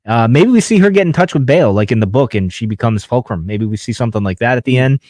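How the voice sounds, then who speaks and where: A man hosts a casual podcast conversation, talking in a loose, rambling way full of fillers and restarts. His voice sits at a middle pitch. The recording is dry and close, with little room sound. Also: lively intonation, quick pace, a little mellow, no echo. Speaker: podcast host. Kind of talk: casual chat.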